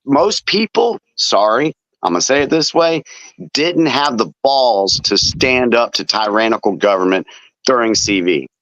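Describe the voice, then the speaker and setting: A man hosting a casual chat, telling defiant stories in a relaxed way. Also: medium pitch, a little slow, dry recording. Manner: relaxed storyteller, defiant anecdotes. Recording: dull lo-fi dry sound.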